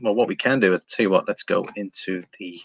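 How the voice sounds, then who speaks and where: A man's voice: low-pitched, a little fast, vocal fry. A man hosting a casual live stream, reading viewer comments aloud and talking through price charts, laughing often.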